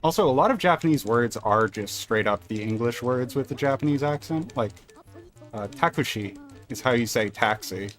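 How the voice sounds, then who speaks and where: A man's voice: mid-range voice, moderate pace, soft background music. A man streaming a speedrun, chatting casually and rambling, with casual swearing between thoughts. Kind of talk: casual chat while gaming.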